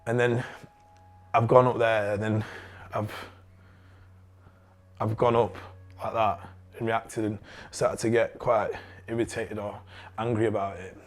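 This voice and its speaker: Candid Yorkshire man, lowish voice. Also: little pitch movement. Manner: candid, swears freely, halting restarts. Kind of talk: casual personal story.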